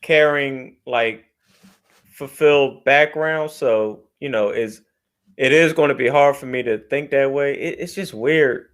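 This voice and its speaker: A man's voice: mid-range voice, measured pace, clear, resonant tone. A man co-hosting a podcast in casual banter. He jokes around and laughs easily. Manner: animated, joking, laughs easily. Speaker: podcast co-host.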